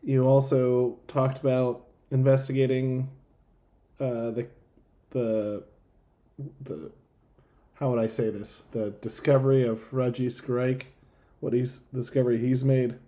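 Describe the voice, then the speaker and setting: Male game master, easygoing, halting delivery, medium pitch. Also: level tone, dark tone. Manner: laid-back, hesitant, many fillers and restarts. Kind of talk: narrating a tabletop game.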